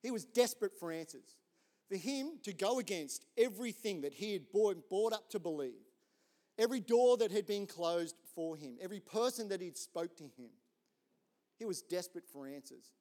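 A man, a pastor telling a story in a relaxed, conversational sermon and joking with the audience. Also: sits high, normal speed. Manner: relaxed, chatty, jokes with the audience.

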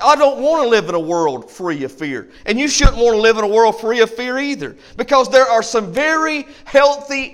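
High-voiced preaching pastor. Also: male voice, fairly bright tone. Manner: emphatic, repetitive preaching cadence with rhyming phrases. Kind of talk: sermon. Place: church sanctuary, also streamed online.

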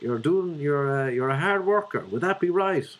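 A smooth-talking Dublin phone company manager, as an Irishman puts him on for a prank call story. He is pitched well above a normal speaking voice and sounds falsely friendly, coaxing and patronising. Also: lively intonation, normal speed, close to an everyday voice.

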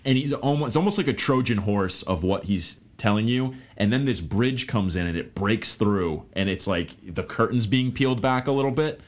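A man co-hosting a podcast in casual chat, talking in an animated way and often dropping in quick "okay" and "gotcha" replies. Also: on the low side. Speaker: podcast co-host.

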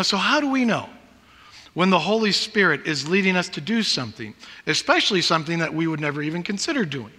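A man's voice: sits high, pushed and bright. A middle-aged male pastor preaching a sermon, telling stories in a self-deprecating way. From Pacific Northwest. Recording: reverberant church hall.

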